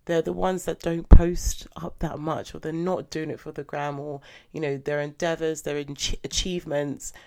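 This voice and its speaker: A young woman hosting a podcast, chatting in a lively, animated way with sudden excited bursts. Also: sits low, moderate pace, hardly any pauses. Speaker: podcast host. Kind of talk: casual podcast chat.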